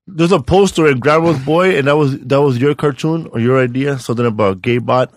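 A man's voice: mid-range voice, brisk, no echo. A man hosting a casual podcast interview, slangy and easygoing. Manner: slangy and easygoing, calls the guest bro and man. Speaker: podcast host.

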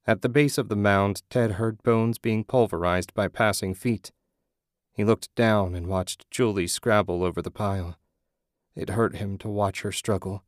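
A man giving steady, measured scripted narration of an audiobook. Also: lowish voice, dry recording, clean studio sound.

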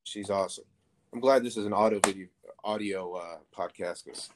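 A man's voice: low voice, brisk, noisy background. A man in his thirties, a podcast guest, telling a story casually with lots of swearing and fillers. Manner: profane, rambling, filler-heavy.

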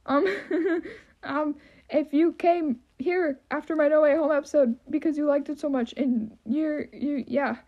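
A young woman with a high, squeaky voice hosting her own podcast, rambling casually with lots of "um" and "like" and self-deprecating asides. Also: steady tone, a little slow, lo-fi sound. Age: young adult. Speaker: podcast host.

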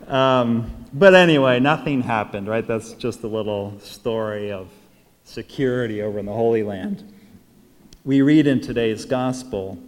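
A man with an American accent, a priest giving a homily, an animated storyteller who acts out quotes and laughs often. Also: mid-range voice, measured pace, long reverb tail. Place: church.

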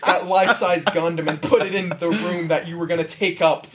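A podcast host putting on a bored, deadpan middle-aged office man in a comedic retelling. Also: medium pitch, brisk, lightly acted.

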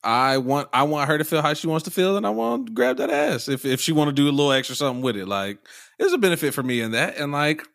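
A man's voice: a little high, big pitch swings, quick pace, vocal fry, fairly bright tone. A man co-hosting a podcast in a laid-back, casual way, swearing freely. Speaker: podcast co-host.

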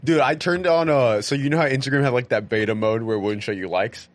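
A man's voice: mid-range voice, fast. A young man co-hosting a podcast, chatting in a dry, joking way. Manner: deadpan, joking. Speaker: podcast co-host. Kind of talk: casual chat.

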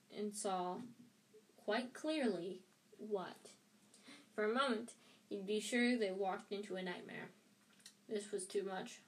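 A woman reads a novel aloud at a middle pitch, often stumbling and going back over words. She sits a little way off the mic, so her voice sounds slightly distant. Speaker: reader.

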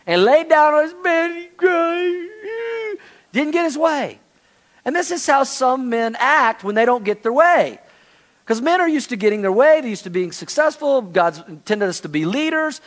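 A man preaching a sermon as pastor, in an animated, conversational manner. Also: extremely high pitch.

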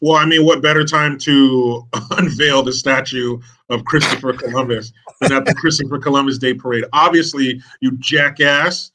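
A man's voice: mid-range voice, fairly even intonation, moderate pace, few pauses, sharp tone, poor audio. A man talking as a guest on a podcast, ranting in a profane, mocking way. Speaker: podcast guest, online commentator. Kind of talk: casual podcast chat.

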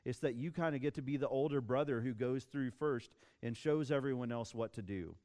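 Young male pastor, casual storytelling sermon, smooth clear voice, mid pitch. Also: brisk. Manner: casual, animated storytelling with restarts.

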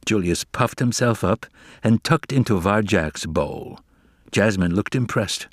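A man reading a children's novel aloud as narrator, with expressive, dramatic storytelling. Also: fairly low pitch, unhurried, no room sound, studio quality.

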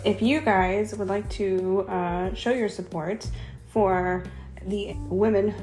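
A woman's voice: medium pitch, slow, roomy sound, soft background music. Laughing woman podcast host. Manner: laughing, teasing, relaxed. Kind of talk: casual chat.

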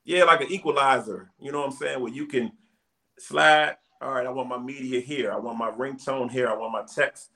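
A man in a casual chat, explaining at length in an animated way. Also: medium pitch, moderate pace, vocal fry. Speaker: podcast co-host.

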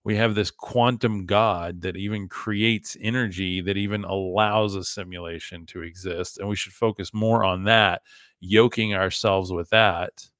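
A man's voice: low voice, steady tone, a little slow, fairly bright tone, no room sound, clean studio sound. A man hosting a podcast in a casual, emphatic monologue, often saying "like" and talking to his listeners as "guys". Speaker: podcast host.

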